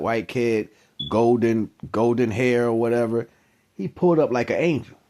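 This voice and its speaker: A man hosting his own channel, telling a personal story in a casual, animated, slangy way that keeps circling back on itself. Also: mid-range voice. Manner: animated, slangy, repeats himself. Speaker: channel host.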